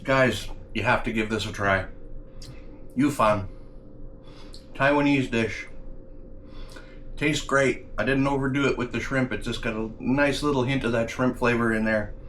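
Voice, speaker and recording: Speaking a little slowly and pausing often, a man hosts a relaxed cooking video, talking to viewers as guys. His mid-range voice has a fairly bright tone, and he hums mm contentedly as he tastes while talking. Slight background noise is audible.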